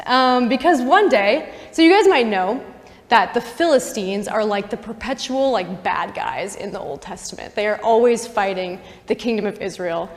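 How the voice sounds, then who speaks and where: A young woman, a campus missionary, giving a casual Bible teaching talk full of "like" and asides to her listeners, in a university chapel. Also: medium pitch. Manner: chatty, full of "like" and asides to the audience. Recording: long chapel reverb.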